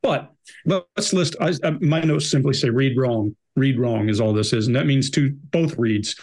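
A man's voice: medium pitch, moderate pace, a little mellow. A man on a behavior analysis panel, giving blunt, emphatic commentary on an interrogation.

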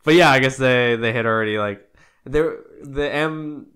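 A man's voice: medium pitch, moderate pace, fairly bright tone, clear, resonant tone. A young man co-hosting a podcast in casual chat, rambling and laughing often. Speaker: podcast co-host.

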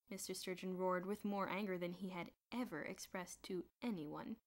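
A woman reading a children's novel aloud in a clear, even storytelling manner. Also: lowish voice, moderate pace. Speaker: audiobook reader.

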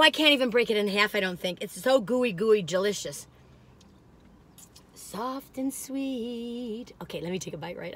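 A woman's voice: fairly low pitch, breathy edge. An older woman, rambling in a folksy, exclamatory way while reviewing cookies on her vlog. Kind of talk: casual chatty food review.

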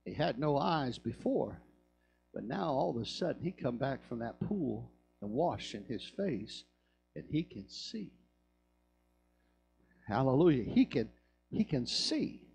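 A man's voice: medium pitch, very animated, measured pace, vocal fry, long pauses, darkish tone, faint music behind. A man preaching a sermon in a church, telling stories and building to fervent calls. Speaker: pastor. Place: church sanctuary.

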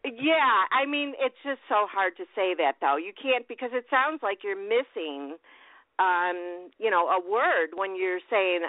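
A woman hosting a casual radio interview, bubbly and quick to laugh. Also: medium pitch, big pitch swings, no echo. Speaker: radio host. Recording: tinny phone-like radio sound.

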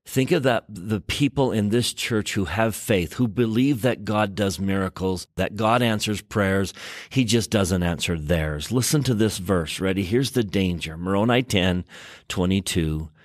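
A man's voice: lowish voice, unhurried, dry recording, clean studio sound. A man hosting a scripture study show, reading verses aloud and stressing key words as he explains them. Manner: emphatic, reads verses aloud and rereads with stress. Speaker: scripture teacher and podcast host.

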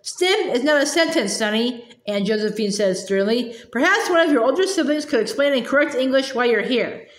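A woman's voice: on the high side, expressive, brisk, few pauses, lightly acted. A woman voicing a fussy, fearful older aunt who whines and scolds about grammar, read aloud from a storybook. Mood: prim. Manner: whiny, prim, scolding. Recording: roomy echo.

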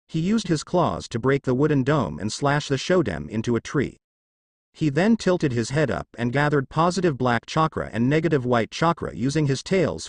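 Man, scripted fan-fiction narration, animated pitch, dry close mic. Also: no echo. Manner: steady storytelling read, voicing all characters in the same plain voice.

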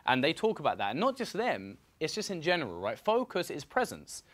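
A man coaching a room full of students at a seminar. His pitch moves around a lot as he talks, and he keeps checking in with "right?" and "you know?" as he goes. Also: fairly quick. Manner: animated, repetitive, fillers like "right?" and "you know". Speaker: real estate mentor. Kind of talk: seminar talk to a group.

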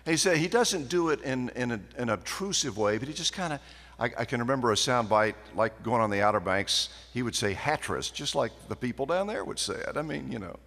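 At a banquet, a man speaking a little fast in a medium-pitched voice gives a folksy, anecdotal after-dinner speech as the guest speaker. He tells stories in a lively, animated way, and the banquet hall is echoey.

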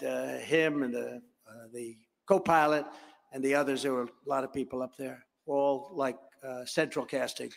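An older man with a medium-pitched, gravelly voice addresses a crowd at a political conference in a large hall, with long hall reverb on the recording. His speech is conversational, boastful, and digressive, and he acts out the dialogue in his anecdotes.

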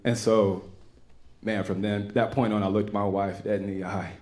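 A young man with a Texan accent giving an earnest, halting personal testimony to a church congregation. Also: fairly low pitch, level tone, a little mellow. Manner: earnest, halting, with many restarts. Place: church sanctuary.

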